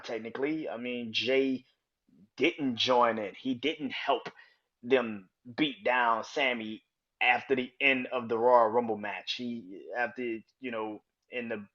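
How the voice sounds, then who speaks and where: A man hosting a podcast, talking through wrestling in a casual, profane, rambling and animated way, in a slightly dull lo-fi recording. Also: mid-range voice. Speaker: podcast host.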